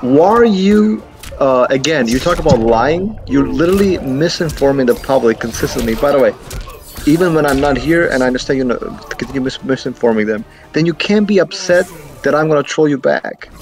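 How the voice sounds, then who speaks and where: A man's voice: medium pitch, expressive, a little fast. A man on a stream call, arguing defensively, talking over the host and restarting his sentences. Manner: defensive, talks over others, restarts often. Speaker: caller on a stream. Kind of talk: heated argument on a call.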